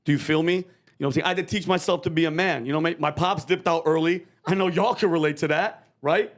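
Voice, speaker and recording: Guy doing high-voiced politician faking hood slang, bragging, "you feel me" nonstop. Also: fairly even intonation, quick pace, natural voice. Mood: boastful. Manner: slangy, boastful, keeps asking "you feel me". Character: male politician faking street-tough slang. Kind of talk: comedy sketch.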